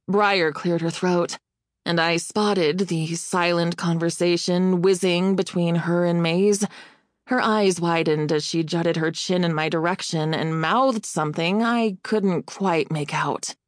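This woman narrates a novel as an audiobook, giving a measured, expressive first-person reading. Her voice sits fairly low, recorded on a close studio mic with no room sound.

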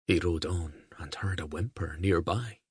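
A man narrating an audiobook in a calm, even storytelling manner. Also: low-pitched, a little slow, slightly rough, dry recording, studio quality.

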